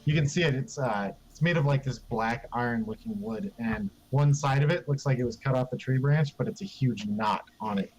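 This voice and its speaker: A man acting as game master, describing scenes and making rulings with some halting fillers. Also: medium pitch, expressive, creaky, a little mellow, slight background noise, low-quality recording. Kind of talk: running a tabletop game.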